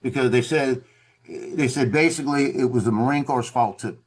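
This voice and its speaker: A man's voice: medium pitch, normal speed. A man on a video call, telling a story in a casual way and acting out the officers he quotes. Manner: animated, acts out quoted officers. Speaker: former Marine telling a story.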